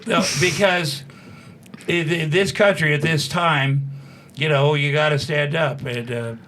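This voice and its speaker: A man in his sixties with a somewhat high voice, sitting in a studio as a guest and telling fight stories in a profane, animated way. He rushes through some lines and slows down on others, and he acts out the quotes. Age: 60s. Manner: profane, animated, fast-talking storyteller who acts out quotes. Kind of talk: casual storytelling.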